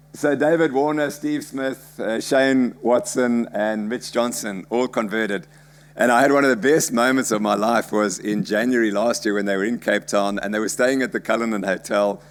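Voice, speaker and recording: An older man giving a chatty, anecdotal conference lecture about slides he shows. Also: medium pitch. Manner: chatty, anecdotal, jokey asides.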